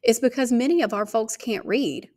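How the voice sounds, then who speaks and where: Patient older housekeeper, voiced by a woman reader, calm and matter-of-fact. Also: on the high side, moderate pace, voice pushed up, close to an everyday voice. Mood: plain. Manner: calm, plainspoken.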